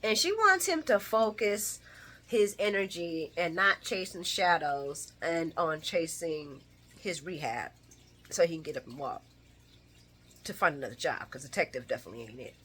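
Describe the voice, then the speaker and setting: Lively, bright-voiced woman recapping soaps. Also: sits low, normal speed, slightly rough. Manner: animated, laughing, talks back to characters. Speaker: soap opera recap host. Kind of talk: casual recap chat.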